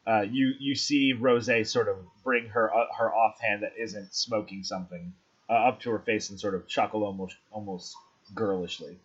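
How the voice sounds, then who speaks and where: A man narrates a tabletop game as the game master, pausing often and circling back mid-sentence. His voice is husky. The recording sounds dull and lo-fi. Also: fairly low pitch, fairly even intonation, a bit bright. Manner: halting, filler-laden narration.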